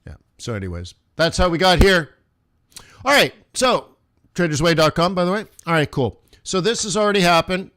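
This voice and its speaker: A man's voice: high-pitched, very animated, normal speed, fairly bright tone, no echo, clean studio sound. A man in his forties, a forex trader hosting a live trading stream and talking viewers through the markets in a chatty, emphatic way.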